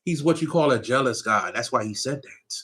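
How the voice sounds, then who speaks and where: Man, bright forceful tone, casual spiritual talk, conversational. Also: medium pitch, lively intonation, brisk. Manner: loose, conversational preaching with frequent laughs and "you know what I'm saying". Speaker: spiritual teacher.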